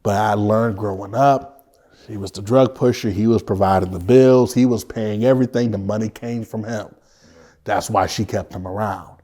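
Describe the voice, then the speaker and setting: A man telling his own life story as an interview guest, earnest and halting, often restarting his sentences. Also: on the low side, fairly even intonation, mellow. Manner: vivid retelling.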